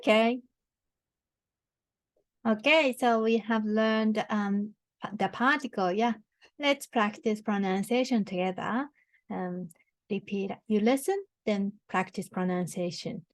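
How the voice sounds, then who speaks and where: A woman's voice: medium pitch, slow, no echo, studio quality. A woman from Japan with a Japanese accent, teaching a beginner grammar lesson and patiently modelling phrases for learners to repeat. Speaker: Japanese tutor.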